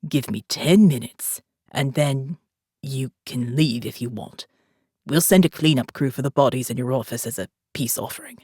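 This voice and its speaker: A woman narrator voicing a calm male operative leader with a faint South African accent, speaking quietly and with authority. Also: very deep voice, moderate pace, husky, no echo, clean studio sound, pitched below the performer's own voice. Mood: calm, persuasive.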